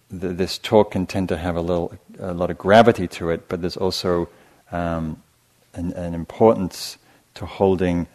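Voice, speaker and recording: A man with a very deep voice gives a dharma talk at a meditation retreat. He speaks gently and reflectively, telling stories and often pausing to restart a phrase. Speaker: meditation teacher.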